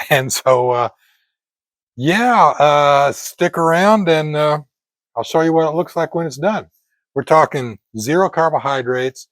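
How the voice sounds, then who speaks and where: An older man casually talking to camera while grilling outdoors, in a chatty, meandering way with frequent pauses and self-corrections. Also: medium pitch, fairly bright tone, no room sound. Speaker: fitness vlogger cooking at a grill.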